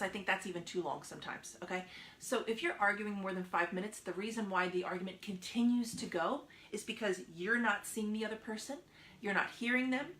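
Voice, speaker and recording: A woman hosting a casual live advice talk, earnest and repetitive, sometimes dropping to a soft near-whisper for emphasis. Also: mid-range voice, echoey room, slight background noise. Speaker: advice show host. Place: indoors by a window.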